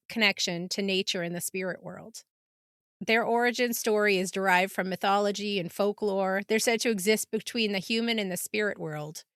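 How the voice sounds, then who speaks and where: A bright-voiced woman hosting a podcast, chatty and quick to laugh. She is recorded close and dry, and she tells her story with plenty of casual asides. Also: mid-range voice, clear, resonant tone, dry recording. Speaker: podcast host.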